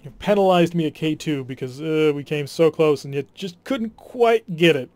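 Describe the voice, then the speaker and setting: Wry let's play host, higher voice. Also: male voice, normal speed, darkish tone, dry recording. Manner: chatty, wry, sighing at setbacks. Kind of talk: casual gameplay commentary.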